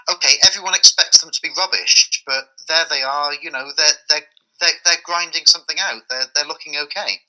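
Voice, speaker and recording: A man's voice: a little high, bright, forceful tone, poor audio. A man co-hosting a casual podcast chat, stumbling through restarts before landing dry, wry remarks. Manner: hesitant, with many stumbling restarts. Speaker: podcast co-host.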